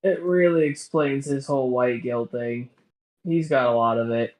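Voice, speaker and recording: Man co-host, mid-pitched, dry dismissive quips. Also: normal speed, rough recording. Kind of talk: casual commentary.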